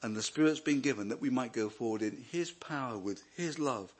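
A man's voice: mid-range voice, a little fast, slightly rough. A middle-aged man preaching a sermon, joking and restarting his sentences often. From Wales. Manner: animated, joking, with many restarts.

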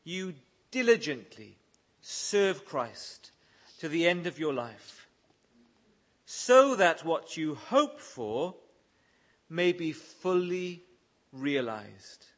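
Slow, earnest male preacher. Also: on the high side, big pitch swings, a bit bright. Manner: earnest preaching, reading scripture aloud. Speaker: pastor. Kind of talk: sermon.

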